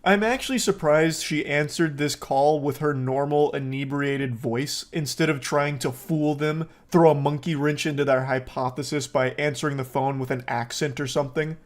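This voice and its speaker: A man's voice: a little high, fairly even intonation, moderate pace, few pauses. A man giving wry, sarcastic commentary on a video, laughing and swearing. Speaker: streamer reacting to video. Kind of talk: casual commentary.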